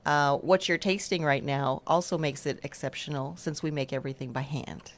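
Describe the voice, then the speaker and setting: A low-pitched woman guest on a podcast, raised between the United States and France. She explains things in a casual, friendly and patient way. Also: fairly even intonation, moderate pace. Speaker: bakery co-owner, guest. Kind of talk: interview answers.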